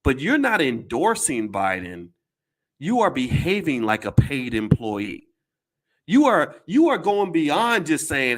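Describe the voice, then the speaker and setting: A man's voice: a little high, huge pitch swings, slow pace. A man giving casual commentary to his audience, blunt and emphatic, with some swearing, often repeating words and restarting his sentences.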